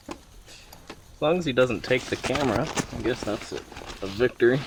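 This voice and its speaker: A man's voice: medium pitch, expressive, moderate pace, noisy background. A man casually vlogging outdoors on a hillside, joking to himself and to the animals around him. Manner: jokey, talks to himself and the animals. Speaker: travel vlogger. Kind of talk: casual vlog narration.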